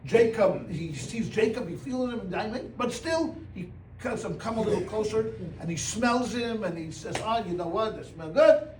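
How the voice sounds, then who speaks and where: Rabbi teaching a class, lively and joking, acts out the characters, higher-pitched male voice, miked from a distance in a roomy hall. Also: moderate pace. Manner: animated, humorous, acts out voices with Yiddish exclamations. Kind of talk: lively storytelling Torah class. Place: room with a live audience. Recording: roomy sound from a distance, faint room noise.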